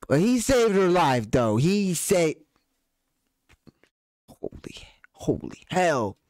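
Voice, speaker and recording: Excitable reaction commentator, slow delivery, lively pitch. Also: no room sound. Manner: excitable, exclamatory. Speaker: reaction video host.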